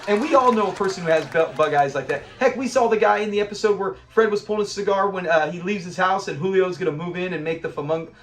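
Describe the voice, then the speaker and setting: A man's voice: high-pitched, fast, hardly any pauses. A man casually reviewing a classic sitcom episode, enthusiastic, quoting the characters and laughing often. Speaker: show reviewer.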